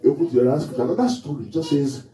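A pastor preaches to his church congregation, regularly asking them questions and waiting for replies. His slightly high, mellow voice is very fast with lively intonation. The recording comes from a far-off mic in an echoey hall.

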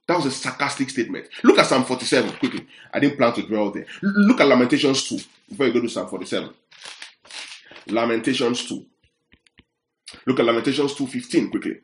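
Emphatic preacher, a man with a roomy echo. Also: fairly high pitch. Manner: emphatic, checks in with the listeners often. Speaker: preacher teaching scripture. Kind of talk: Bible-teaching sermon. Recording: roomy echoey sound.

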